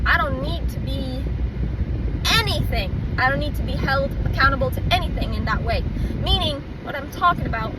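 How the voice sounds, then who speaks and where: A woman rambling candidly in a casual monologue, swearing freely as she talks outdoors. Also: high-pitched. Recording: distant mic with loud traffic noise.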